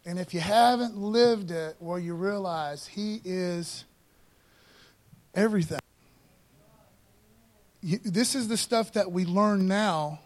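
A man preaching a sermon in a casual, conversational way, often adding "man" and "you know" and slowing down to read scripture with emphasis. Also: sits high. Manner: reads scripture slowly and emphatically. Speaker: pastor.

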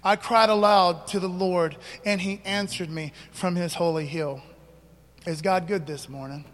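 A man's voice: high-pitched, steady tone, unhurried, fairly bright tone. A man pastor preaching a sermon in a church, casual and conversational, full of slang and questions to the congregation. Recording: long hall reverb.

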